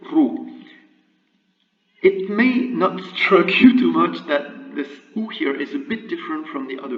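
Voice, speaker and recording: Guy teaching a lesson real slow, lots of uhs, sounds far off in a boomy room. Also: fairly bright tone. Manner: slow, patient, drawn-out syllable drills with frequent uhs. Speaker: Arabic language teacher. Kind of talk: screen-recorded language lesson. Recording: echoey, distant, dull lo-fi room mic.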